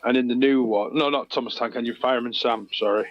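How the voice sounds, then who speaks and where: A man's voice: mid-range voice, fairly even intonation, fast, dull audio, soft background music. A man, co-hosting in a casual chat, joking and telling rambling anecdotes. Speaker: co-host.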